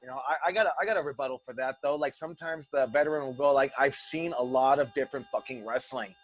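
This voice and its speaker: A man's voice: medium pitch, quick pace, dry recording, highs cut off. Blunt profane wrestling coach, man. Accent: American. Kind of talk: casual talk to students.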